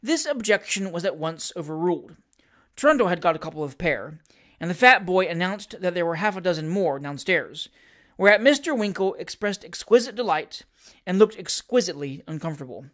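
A steady reader narrating a classic novel, measured and even in delivery. The voice sits at a middling pitch. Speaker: audiobook reader. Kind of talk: reading a classic novel aloud.

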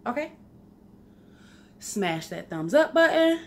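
A woman's voice: fairly high pitch, sing-song, takes it slowly, slight background noise. A woman, chatting playfully through a home cooking vlog and laughing at herself. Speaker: vlogger. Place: home kitchen.

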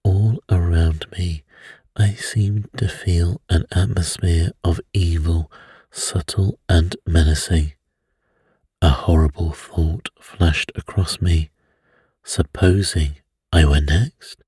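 A man reading a mystery aloud as a bedtime story in a soft, soothing way. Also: deep voice, steady tone, slow pace, slightly rough, dry recording, studio quality.

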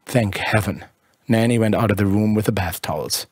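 Husky male audiobook narrator. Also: lowish voice, darkish tone, no room sound. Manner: measured, lyrical reading.

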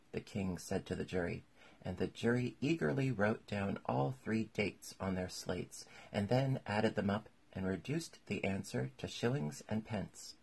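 A man narrating a classic children's story in a measured, even reading. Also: on the low side, gravelly, breathy edge. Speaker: audiobook narrator.

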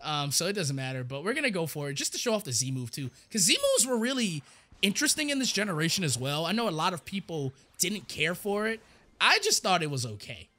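A young man giving casual, rambling gameplay commentary, excitable and stammering as he repeats words. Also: sits high, quick pace, soft background music. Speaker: gaming YouTuber.

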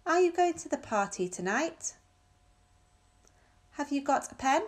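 A woman on textbook audio, carefully reading out example questions with clear, marked intonation. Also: high voice, very animated, unhurried. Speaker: recorded audio speaker.

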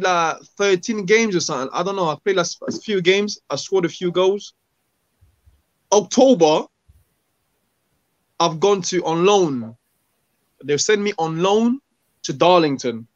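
A former footballer, telling stories in a casual interview and acting out what people said, using street slang. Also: male voice, high-pitched, unhurried, pauses often, no room sound. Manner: animated, acts out quoted dialogue, street slang. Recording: dull, dry recording.

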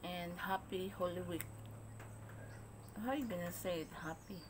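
A woman's voice: fairly low pitch, a little slow. A woman with a Filipino Cebuano accent chatting casually while eating on her vlog, mixing in playful asides. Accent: Filipino, Cebuano-speaking. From Philippines. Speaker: vlogger. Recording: noisy home recording. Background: clatter of cutlery and dishes, household sounds.

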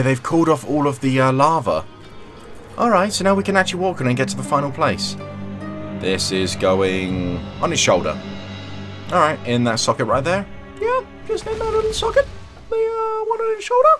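Chatty man narrating gameplay. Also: medium pitch. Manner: chatty, jokey, hums, talks to game characters. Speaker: let's play host. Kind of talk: casual gameplay commentary.

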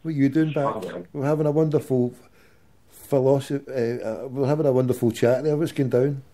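A man's voice: mid-range voice, fairly even intonation, a little fast, mellow. A man hosting a call-in show, talking in a casual, matey way. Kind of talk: radio call-in chat.

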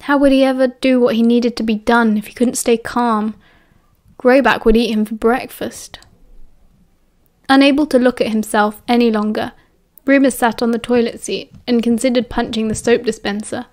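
A woman with a British accent narrating a novel as an audiobook, in a steady, expressive reading. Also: on the high side, moderate pace.

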